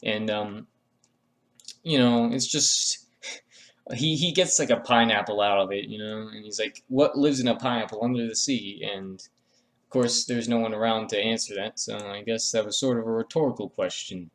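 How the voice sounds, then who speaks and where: A man's voice: on the low side, fairly even intonation, moderate pace, a bit bright. A man talking through a drawing tutorial in a meandering, joking voice-over full of fillers and restarts. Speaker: art tutorial creator. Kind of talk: rambling comedic voice-over.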